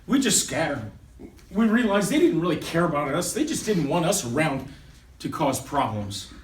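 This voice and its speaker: A man performing a first-person dramatic monologue, swinging between loud urgency and hushed intensity. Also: a little high, sing-song, normal speed, slight background noise. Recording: echoey room, voice from a distance.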